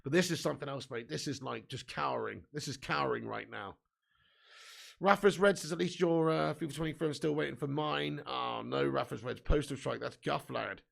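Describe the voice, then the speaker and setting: Fairly quick and creaky, a bit bright at medium pitch, this young man's voice carries a live football watch-along where he reads viewer comments. He rants bluntly and swears about his team's heavy loss, full of frustrated fan banter.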